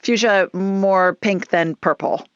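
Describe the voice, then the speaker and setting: A woman's voice: mid-range voice, steady tone, slow, clean tone, lo-fi sound. A woman hosting a psychic call-in radio show, chatty and down-to-earth, with folksy phrases. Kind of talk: call-in show, casual and reassuring.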